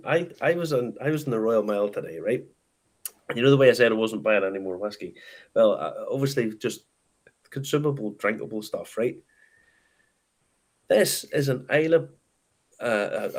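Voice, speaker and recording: A man co-hosting a casual whiskey chat show. He talks in an enthusiastic, chatty way and laughs often. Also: medium pitch. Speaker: podcast co-host. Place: hotel room.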